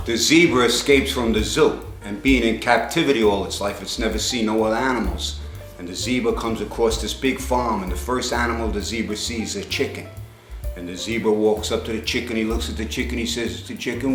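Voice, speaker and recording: Animated man telling jokes, roomy sound. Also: medium pitch, a little fast, soft background music. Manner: animated, acts out each character's lines. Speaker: joke teller.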